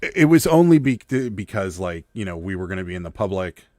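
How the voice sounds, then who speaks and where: A man's voice: low voice, no room sound, clean studio sound. A man co-hosting a casual livestream chat about reselling, telling stories with plenty of laughter. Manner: animated storyteller, quick to laugh. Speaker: livestream co-host.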